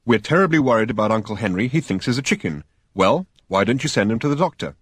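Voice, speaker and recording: A man's voice: medium pitch, lively intonation, quick pace, slightly rough, dry recording. A man voicing a young woman who speaks dryly and matter-of-factly. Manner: dry, matter-of-fact.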